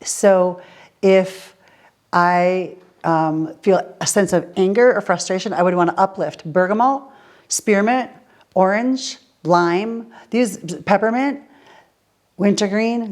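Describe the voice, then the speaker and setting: An essential oils teacher leads a casual question-and-answer class with a group of students, using everyday examples and posing rhetorical questions. Her voice is mid-range and a little mellow, at a measured pace.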